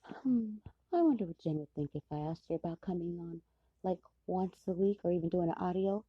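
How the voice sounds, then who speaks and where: A woman podcast host speaking a hushed, playful whispered aside to listeners. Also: lowish voice, husky, no echo. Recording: dull dry close recording.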